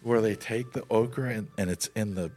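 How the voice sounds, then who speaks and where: A man's voice: fairly low pitch, moderate pace, darkish tone. A middle-aged man from Nebraska, a guest in a casual interview, telling rambling, easygoing stories about food.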